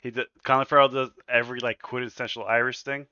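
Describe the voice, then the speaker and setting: A man co-hosting a casual podcast chat, laughing often and breaking into loud, goofy impressions. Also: mid-range voice, flat delivery, quick pace, smooth, no echo, dull audio. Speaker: podcast co-host.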